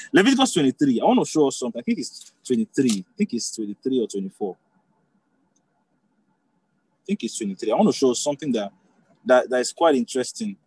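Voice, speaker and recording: A man's voice: medium pitch, darkish tone, breathy edge, rough recording. A man preaching a sermon in a conversational teaching style, often restarting phrases and checking that listeners follow.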